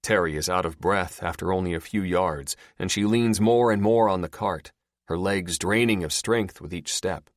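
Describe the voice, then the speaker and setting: A man narrating an audiobook in an expressive storytelling manner. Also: low-pitched, moderate pace, no echo, clean studio sound. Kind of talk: scripted narration.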